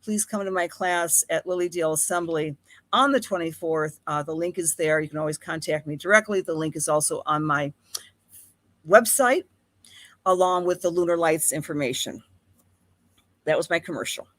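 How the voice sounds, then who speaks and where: A woman's voice: low-pitched, moderate pace, no echo. A woman with a Buffalo accent, hosting a live-streamed astrology talk in a chatty, affectionate way and greeting viewers by name. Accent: Buffalo, Western New York. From Buffalo, New York. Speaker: astrologer host.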